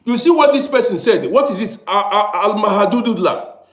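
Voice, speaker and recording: High-pitched and brisk, with lively intonation, a male vlogger with a Nigerian accent delivers emphatic ranting commentary, throwing rhetorical questions at viewers again and again. He's indoors in Europe, and the room sound is roomy and echoey.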